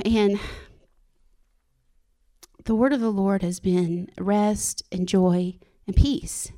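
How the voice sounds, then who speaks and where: An earnest woman gives an informal sermon to her church, talking personally and openly. She laughs often, breaks off and restarts her sentences, and her voice sits at an ordinary middle pitch. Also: slow, long pauses, warm tone. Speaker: church speaker sharing a devotional.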